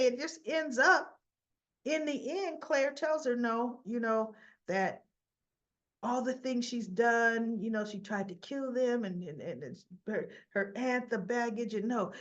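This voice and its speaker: A woman's voice: a little high, dull audio. A woman hosting a casual soap recap, chatty and opinionated, acting out characters' lines as she goes. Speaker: soap opera recap host.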